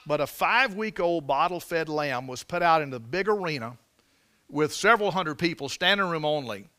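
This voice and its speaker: A man's voice: on the high side, lively intonation, moderate pace, sharp tone. A man preaching a sermon, telling folksy stories with repeated and restarted phrases and building to emphatic peaks on scripture. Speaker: pastor.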